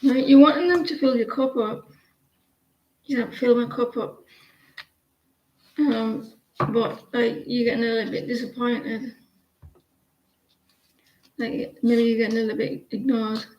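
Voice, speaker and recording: A woman's voice: on the high side, fairly even intonation, a little slow, long pauses, darkish tone, highs cut off, slight background noise. Blunt, chatty woman reading cards. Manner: blunt, rambling, chatty with viewers. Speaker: tarot card reader. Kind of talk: casual live-stream card reading. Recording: roomy echo.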